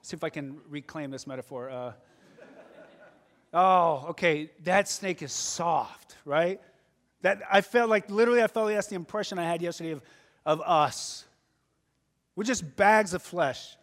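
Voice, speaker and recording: Middle-aged male pastor, sermon, lively storyteller, swings loud to hushed, high voice, long reverb. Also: unhurried. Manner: animated storytelling with sudden shifts from loud to hushed.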